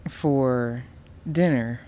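A woman's voice: extremely low pitch, fairly even intonation, a little slow, darkish tone, a little hiss or hum. A woman voicing a timid, frightened older mother who stutters and pleads with a shaking voice. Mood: hesitant.

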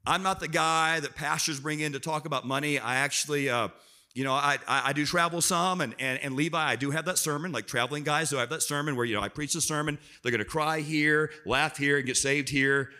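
A man preaching as a guest speaker to a church congregation, lively and self-deprecating, prompting the crowd to answer. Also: a little high, a little fast. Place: church auditorium.

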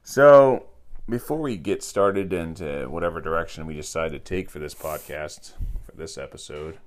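A man's voice: very deep voice, normal speed, slight background noise. A man hosting a podcast in casual chat, joking and laughing often. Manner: jokey, laughs a lot. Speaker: podcast host.

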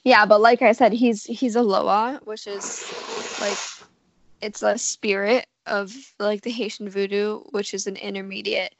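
A woman's voice: mid-range voice, little pitch movement, unhurried, noisy background. A woman co-hosting a casual podcast, talking in a sassy, playful way with lots of "like", lying on her bed at home. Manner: sassy, playful, says "like" often. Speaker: podcast co-host. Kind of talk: casual chat. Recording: dull lo-fi dry sound.

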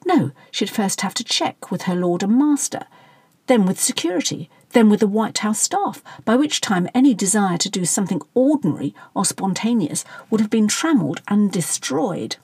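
A woman narrating a story with a lively voice. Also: normal speed, slightly rough, no echo. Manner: reads dialogue with lively pitch, plain narration between. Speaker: audiobook narrator. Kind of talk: scripted narration.

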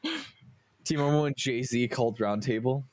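A man's voice: medium pitch, sing-song, moderate pace, no room sound. A young man from California, a podcast co-host bantering loosely while a few beers in. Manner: loose, joking, tipsy banter. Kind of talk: casual podcast chat. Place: home, recorded remotely.

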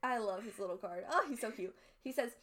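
A woman's voice: mid-range voice, fairly quick, crowd noise. A woman co-hosting a podcast, chatting casually, giggling often and swearing freely. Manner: giggly, reads quotes aloud, swears casually. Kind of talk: casual chat.

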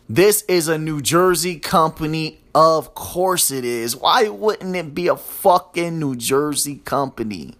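A man with a slightly high voice hosts a solo podcast, tearing into things with crude profanity and sarcasm. He talks straight at his listeners, mocking and rough. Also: expressive, a little slow, few pauses, a bit bright. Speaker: podcast host.

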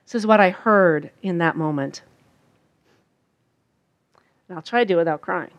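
An older woman giving a sermon at a camp, telling stories and acting out quoted voices in an animated way. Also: lowish voice, normal speed, no room sound, dull audio. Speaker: speaker at a church camp. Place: outdoor camp gathering.

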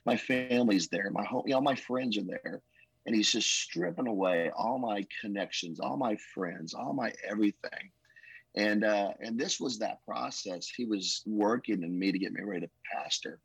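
A man who is a pastor telling his life story in an emotional, earnest way, with a husky voice. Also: fairly low pitch, dry recording, poor audio. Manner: emotional, earnest, says "man" and "bro" often. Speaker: pastor, podcast guest. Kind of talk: testimony storytelling.

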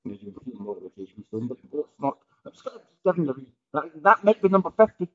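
Very animated and fast, this mid-range male voice comes through a muffled recording. Hosting a solo podcast without a script, he keeps restarting and wandering, often closing sentences with "right?".

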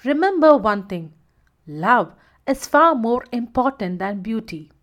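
A worried, loving lioness mother from a storybook, pleading gently but firmly with her son, voiced by a woman. Her voice rides noticeably high and lively. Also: a little slow. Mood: gentle.

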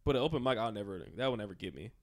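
A man's voice: lowish voice, lively intonation, rapid-fire. A young man and stand-up comic co-hosting a podcast, who laughs and acts out quotes as he tells stories. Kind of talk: casual chat.

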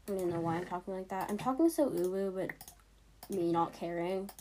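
A woman's voice: on the low side, fairly quick, a little mellow, slight background noise. A teenage girl giving casual, chatty gameplay commentary, giggling and poking fun at herself as she plays. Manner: chatty, giggly, self-mocking. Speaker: gaming streamer.

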